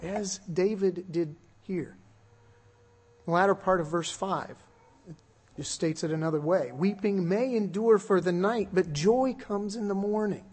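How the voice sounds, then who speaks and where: Husky high-voiced man preaching a sermon. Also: a little mellow. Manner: earnest, measured preaching with emphatic rises and repeated words. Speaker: pastor. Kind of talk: expository sermon.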